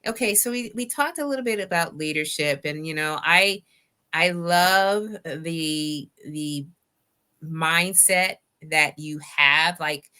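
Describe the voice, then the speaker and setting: A woman hosts a live talk show, speaking in an emphatic, chatty way. Her voice sits low for a woman and has a bright, forceful edge. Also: slow pace, clean tone.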